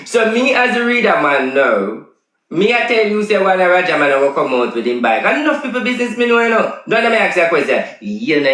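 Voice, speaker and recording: A man's voice: mid-range voice, fairly bright tone, roomy sound, poor audio. A man with a Jamaican accent, a self-styled prophet vlogger, talking insistently and repeating himself as he makes his case. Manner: insistent, repetitive, emphatic. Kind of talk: casual ranting commentary.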